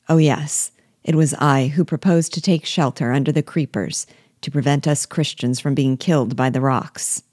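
Woman reading a novel aloud, very low voice, measured pace, dry close sound. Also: fairly even intonation, darkish tone, dry recording. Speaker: reader of a classic novel. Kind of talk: unhurried audiobook reading.

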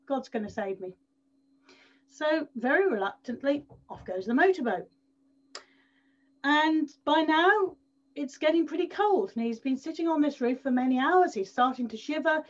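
High-voiced woman giving a talk. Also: normal speed. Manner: animated storyteller, leaning on repeated words. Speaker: speaker at an event. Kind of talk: presentation talk with storytelling. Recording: dull slightly lo-fi sound.

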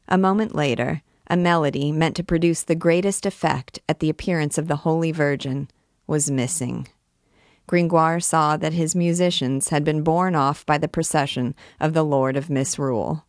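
A woman reading a classic novel aloud in a measured, expressive way as a guide to the book. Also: deep voice, no echo, studio quality.

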